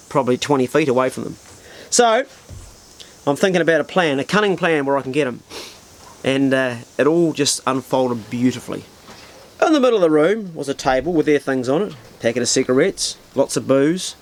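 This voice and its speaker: A middle-aged man telling a vivid, profane personal story in a casual spoken style. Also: medium pitch. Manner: colourful, vivid, swears freely. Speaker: storyteller, channel host.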